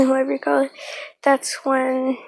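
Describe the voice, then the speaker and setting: A woman improvising a fan-fiction story aloud, halting and rambling, with lots of fillers and self-corrections. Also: sits high, completely flat delivery, gravelly, fairly bright tone, no room sound, low-quality recording.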